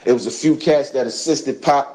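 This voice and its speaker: A man's voice: mid-range voice, normal speed, noisy background. A man from Brooklyn, telling a story in casual profane speech and acting out what others said. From Brooklyn, New York. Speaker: storyteller recounting an event. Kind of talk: casual spoken recollection.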